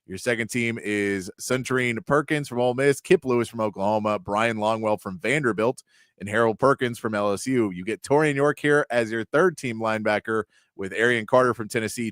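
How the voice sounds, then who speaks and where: Sports talk host reading off names. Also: male voice, fairly low pitch, brisk, a bit bright, clear, resonant tone, dry recording, studio quality. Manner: reads off long lists of names, stumbling on some.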